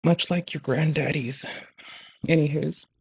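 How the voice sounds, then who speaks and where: A streamer letting off steam on a live stream, talking in a loose, rambling way packed with swearing. The voice sits at an ordinary middle pitch, and the talk jumps from one gripe to the next. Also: steady tone, a little slow, gravelly, breathy edge. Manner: profane, rambling, heavy swearing; frequent filler "like" and "bruh". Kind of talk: casual venting rant.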